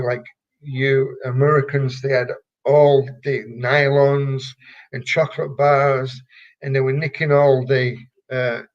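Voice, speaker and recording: On a muffled recording, an older retired wrestler from Yorkshire speaks at medium pitch as an interview guest. His casual storytelling is rambling and halting, packed with fillers and restarts, in a Yorkshire English accent.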